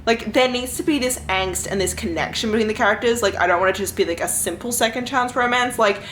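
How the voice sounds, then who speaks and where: A woman's voice: on the high side, fast, a bit bright, a little hiss or hum. A young woman chatting casually to camera at home in a reading vlog, gushing with lots of fillers. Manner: gushing, effusive, many fillers. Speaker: book vlogger.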